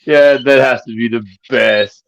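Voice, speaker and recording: A man hosting a casual wrestling podcast, steering the talk with relaxed questions. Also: mid-range voice, vocal fry, lo-fi sound. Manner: slow, laid-back, asks questions to steer the talk. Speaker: podcast host.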